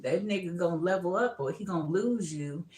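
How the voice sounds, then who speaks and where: A woman's voice: lowish voice, animated, a little fast, a little mellow, reverberant. A middle-aged woman giving a casual live tarot reading, brash and laughing often, calling listeners boo and baby. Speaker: tarot reader.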